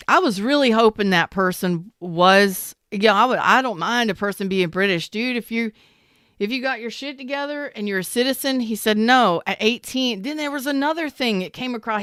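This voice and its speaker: A woman, a tarot reader and love coach, chatting casually and bluntly on a livestream with animated storytelling. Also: medium pitch, clean tone, no echo, studio quality.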